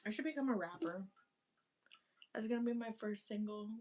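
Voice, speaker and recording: A woman's voice: medium pitch, fairly quick, darkish tone. A young woman chatting casually while cleaning her apartment, rambling with lots of fillers and casual swearing. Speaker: vlogger.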